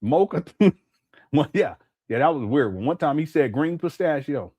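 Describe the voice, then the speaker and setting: A man's voice: a little high, expressive, moderate pace, warm tone, dry recording. A man commenting casually on a live stream, laughing often and mocking what he plays.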